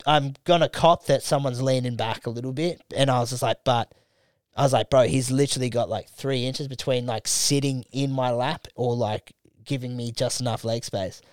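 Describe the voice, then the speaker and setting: A man's voice: medium pitch, clear, resonant tone, dry recording, studio quality. A young Australian man co-hosting a podcast, telling a crude travel story in casual chat and acting out the people in it. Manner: animated, acts out quotes, heavy swearing. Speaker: podcast co-host.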